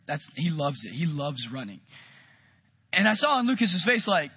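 A man preaching a sermon, telling a story with lively, animated delivery and acting out quotes. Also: a little high, moderate pace, breathy edge, dry recording, muffled recording. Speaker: pastor.

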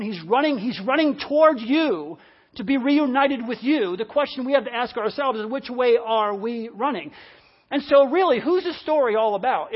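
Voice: mid-range voice, slightly rough. Emphatic preacher on muffled lo-fi audio. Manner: emphatic, repeats key phrases, swings between loud and hushed. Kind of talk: sermon.

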